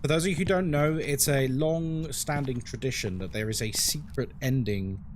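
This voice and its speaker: A man's voice: mid-range voice, normal speed, slight background noise. A man streaming a horror game, chatting casually, greeting viewers and laughing often. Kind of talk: casual live-stream chat.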